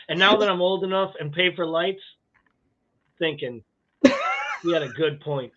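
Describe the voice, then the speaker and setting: A man co-hosts a live podcast, trading wry jokes and casual swearing in easy chat. His voice is somewhat high for a man. It comes through a thin, tinny, phone-like line. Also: unhurried, long pauses. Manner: wry, joking, profane banter. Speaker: podcast co-host.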